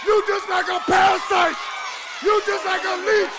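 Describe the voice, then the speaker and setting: A man acting as a wrestler, giving a boastful, angry promo full of shouted insults. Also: very high voice, little pitch movement, moderate pace. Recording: noisy old TV broadcast with crowd.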